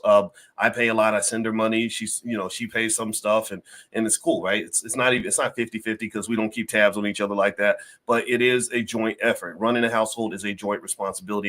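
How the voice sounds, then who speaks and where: A man's voice: on the low side, a bit bright. A middle-aged man, a finance professor, hosting a livestream and talking to his chat in a folksy, preachy way, full of fillers and little acted-out scenes. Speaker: finance professor and show host. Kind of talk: livestream talk to chat viewers.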